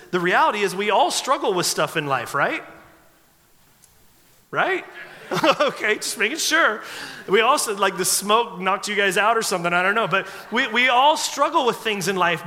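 A man's voice: high voice, pushed and bright, in a large hall. A man preaching a sermon to a congregation in a conversational way, joking with the crowd and acting out timid prayers. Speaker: pastor. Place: church sanctuary.

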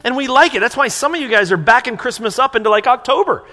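A man's voice: extremely high pitch, expressive, quick pace, sharp tone. A man preaching a sermon as pastor, conversational and asking the congregation questions from the pulpit. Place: church sanctuary. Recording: long hall reverb.

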